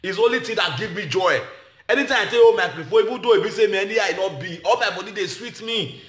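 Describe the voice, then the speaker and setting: A man's voice: sits high, quick pace, a bit bright, reverberant. A man speaking Nigerian Pidgin English, giving an impassioned, repetitive speech as a comedian. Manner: emphatic, repetitive, shifts between Pidgin and English.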